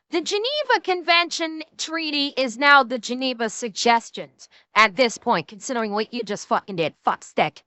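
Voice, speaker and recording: A woman streamer talks through a video she is reacting to, animated and full of swearing. Her voice is high, bright and smooth, recorded dry and close. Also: normal speed, hardly any pauses, dry recording. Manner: animated, swears freely, laughs a lot. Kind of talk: live reaction commentary.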